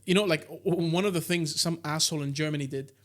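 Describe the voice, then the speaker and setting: A man's voice: on the high side, steady tone, fast talker, fairly bright tone. A young man co-hosting a podcast, talking emphatically in casual chat. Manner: emphatic, says bro a lot.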